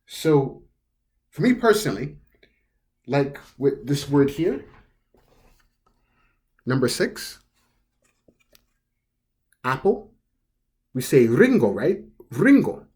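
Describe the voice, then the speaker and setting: A host teaching pronunciation at an unhurried pace, saying each word over and over before explaining it. The voice is soft and a little breathy, and the pitch rises and falls a lot from word to word. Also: very animated. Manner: repeats each word several times, carefully; explains step by step in plain words. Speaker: language teacher. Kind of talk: slow pronunciation lesson.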